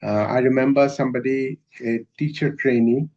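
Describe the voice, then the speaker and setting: A man giving a university lecture in a measured, hesitant way, with many filler sounds. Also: mid-range voice, steady tone, darkish tone. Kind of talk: academic lecture. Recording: dull lo-fi recording.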